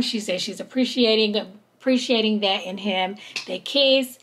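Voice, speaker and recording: A woman's voice: mid-range voice, moderate pace. Chatty woman recapping a reality show. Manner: chatty, animated retelling with quoted voices. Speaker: podcast host. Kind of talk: casual recap chat.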